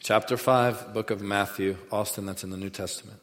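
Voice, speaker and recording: A man's voice: fairly low pitch, steady tone, brisk, a bit bright. A man preaching a sermon with emphasis, leading the congregation in call-and-response. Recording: echoey hall with long reverb.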